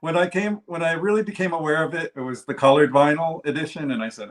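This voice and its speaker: A man's voice: on the high side, fast. A man chatting casually on a livestream in an easygoing, hesitant way, with many fillers. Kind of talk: casual chat.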